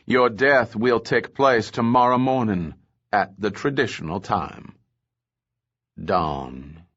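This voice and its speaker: A man's voice: fairly low pitch, takes it slowly, a bit bright, lo-fi sound. A man playing a languid, menacing villain. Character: cold, languid male villain, pleased with himself.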